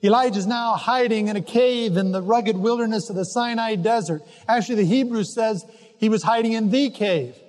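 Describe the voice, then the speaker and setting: Pastor guy, pretty high voice, preaching earnest and gentle, lots of hall reverb. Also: fairly quick. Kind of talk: sermon.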